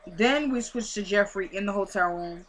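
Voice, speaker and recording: Bright-voiced woman in a chatty recap. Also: mid-range voice, normal speed. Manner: chatty, filler-heavy, acts out the characters' lines. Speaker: vlogger recapping a TV episode. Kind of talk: casual episode recap.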